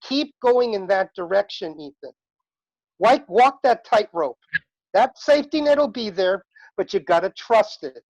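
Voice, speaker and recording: A man's voice: high voice, animated, a little slow, a little mellow, dry recording, low-quality recording. A man giving passionate feedback to acting students over a video call, acting out their lines as he talks. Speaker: guest director giving feedback.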